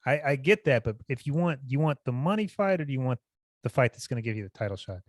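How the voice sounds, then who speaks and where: A man's voice: medium pitch, quick pace, dry recording, clean studio sound. Blunt, profane male podcast co-host. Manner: blunt, profane, animated when mocking others. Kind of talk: casual chat.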